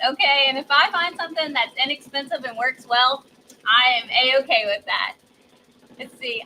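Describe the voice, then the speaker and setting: Bubbly lady hosting a live crafting stream, bright voice, a bit high, chats and laughs a lot. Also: normal speed, slight background noise. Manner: bubbly, chatty, laughs often. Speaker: host of a live craft demo show. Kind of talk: live embroidery demo, reading viewer comments.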